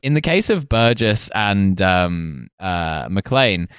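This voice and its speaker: A man's voice: low voice, sing-song, slow, fairly bright tone, smooth, dry recording, studio quality. A man hosting a comedy podcast, reading notes in a jokey, laughing way with many fillers. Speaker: podcast host.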